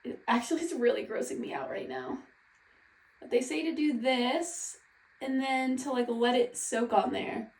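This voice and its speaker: Woman vlogger, anxious self-talk, rambling delivery, bright-ish pitch, roomy echo. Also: lively intonation, moderate pace. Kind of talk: casual vlog talk. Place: at home. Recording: echoey room, voice from a distance.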